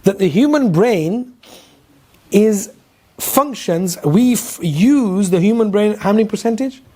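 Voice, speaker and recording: A man's voice: high voice, lively intonation, takes it slowly, mellow. A middle-aged man with a London accent, teaching a Quran lesson to a class in a conversational way, putting questions to the audience and telling stories along the way. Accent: London English. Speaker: Islamic teacher.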